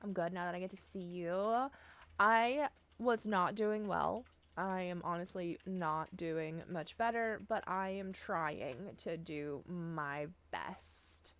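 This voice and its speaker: A woman's voice: fairly low pitch, slow pace, fairly bright tone. A woman live streaming from home, chatting casually and swearing freely as she talks straight to her viewers while setting up a game.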